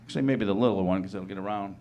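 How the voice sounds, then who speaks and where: A young man doing a stand-up comedy set, loud and animated, laughing through his punchlines. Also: fairly low pitch, racing, lo-fi sound.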